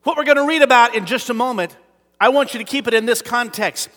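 A man preaching a sermon in a church, dramatic, swinging between loud declarations and hushed whispers while calling out to the congregation. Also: very high-pitched, animated, moderate pace. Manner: calls out to the congregation. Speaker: pastor. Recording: long hall reverb.

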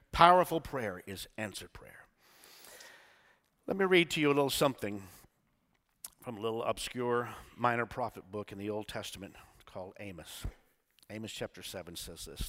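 A male pastor preaching a sermon, swinging between quiet talk and shouted call-and-response. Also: lowish voice, expressive, normal speed. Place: church sanctuary. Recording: church hall reverb.

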